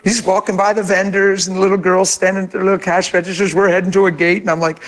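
Very high-voiced man preaching animatedly. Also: fast. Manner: animated, acts out quoted dialogue. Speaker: pastor. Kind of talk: sermon storytelling.

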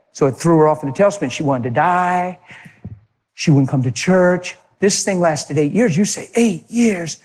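A man preaching a sermon, telling a personal story and acting out the voices of people in it, shifting between forceful delivery and hushed tones. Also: a little high, in a large hall. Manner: acts out dialogue, swings from loud to hushed.

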